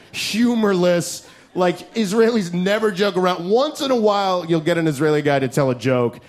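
A young man doing a crude, fast stand-up comedy set, yelling punchlines and laughing along. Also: a little high. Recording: live club, loud crowd and noise.

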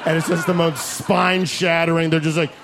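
A young man doing a crude, fast stand-up comedy set, yelling punchlines and laughing along. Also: a little high, little pitch movement, vocal fry. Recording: live club, loud crowd and noise.

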